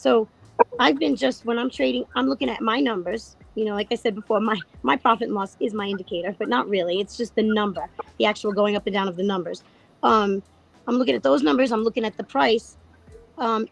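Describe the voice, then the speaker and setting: A middle-aged woman with a hoarse voice, candidly chatting about trading on a panel, laughing and swearing casually. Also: on the high side, poor audio. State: lost her voice, tired.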